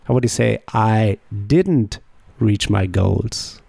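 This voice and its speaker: A man hosting a podcast language lesson, slowly drilling sentences with question-and-answer prompts. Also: lowish voice, creaky, warm tone, slightly rough, no room sound, studio quality. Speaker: language teacher and podcast host.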